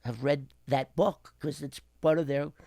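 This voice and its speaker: A man's voice: fairly high pitch, a little slow, vocal fry, no echo, clean studio sound. A middle-aged man, telling a story as an interview guest and acting out the voices of the people in it. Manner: animated, acts out quoted voices. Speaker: guest, former FBI informant. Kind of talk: casual storytelling.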